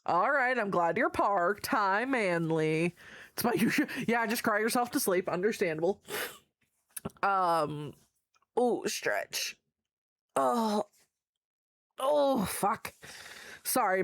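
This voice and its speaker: A woman's voice: on the low side, no room sound, studio quality. A woman streamer chatting casually with her viewers, greeting them by name, affectionate and swearing freely. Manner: swears freely while reading chat aloud. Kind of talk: casual live-stream chat.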